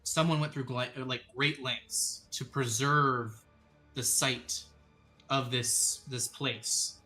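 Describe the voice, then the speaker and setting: A man acting as dungeon master, describing a scene and laying out choices for the players in a measured storytelling manner. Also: medium pitch, steady tone, sharp tone, faint music behind. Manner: descriptive, measured storytelling with sudden quick asides. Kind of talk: narrating a tabletop game.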